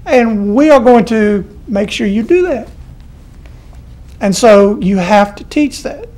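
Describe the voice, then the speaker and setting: A man's voice: high voice, animated, slow pace, a little mellow. A middle-aged man with a Southern US accent giving a folksy, chatty college lecture and repeating his key points. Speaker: college professor. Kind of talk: classroom lecture.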